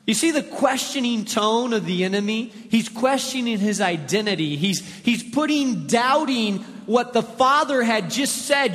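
A man's voice: high-pitched, lively intonation, normal speed, hardly any pauses, fairly bright tone, long reverb tail. A male pastor preaching a sermon in a conversational way, repeating points for emphasis. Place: church.

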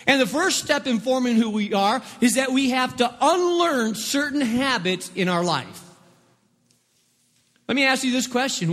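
Male pastor, sermon delivery, high voice, long-reverb hall sound. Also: a bit bright. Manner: preachy, repeats words in bursts, acts out quoted voices.

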